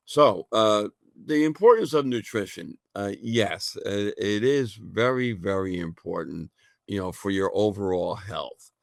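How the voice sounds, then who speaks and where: A man talking as a guest in a casual radio interview, halting, with many fillers and restarts. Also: fairly low pitch, vocal fry, dry recording, studio quality. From United States. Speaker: guest, natural health college founder.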